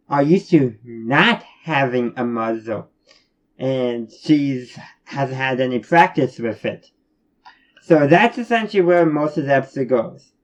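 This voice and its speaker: Guy rambling through a cartoon episode review, kinda high voice, restarts a lot. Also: darkish tone, lo-fi sound. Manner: rambling, many restarts and fillers. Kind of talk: casual spoken review.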